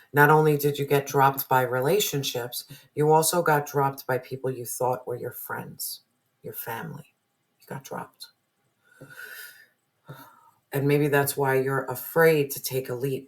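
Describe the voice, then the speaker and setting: Emotional, emphatic tarot reader. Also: mid-range voice. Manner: emphatic, repeats phrases, drops to whispers, swears. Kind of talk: emotional spiritual tarot reading.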